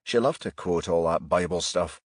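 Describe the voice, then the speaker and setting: A male detective constable, matter-of-fact and dryly joking, asking plain questions, as the narrator voices him. The tone is low, a little husky, with lively shifts in pitch. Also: normal speed, dry recording, studio quality.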